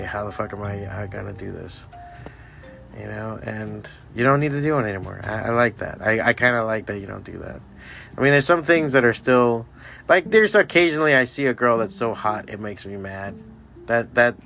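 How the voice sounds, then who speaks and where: A man's voice: lowish voice, fairly bright tone. A man hosting a podcast, ranting in a rambling, heavily profane way and laughing at his own jokes. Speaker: podcast host. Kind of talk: profane solo podcast rant.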